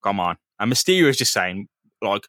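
A man co-hosting a podcast, casually retelling a comic book in an animated, crude, laughing way. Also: fairly low pitch, normal speed, no echo, studio quality. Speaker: podcast co-host.

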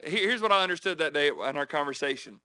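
Man, preacher, conversational storytelling, sharp, higher voice. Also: animated, quick pace, smooth. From South Carolina. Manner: chatty, frequent "right? okay?" check-ins with listeners. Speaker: preacher teaching on evangelism. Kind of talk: conversational sermon with personal stories.

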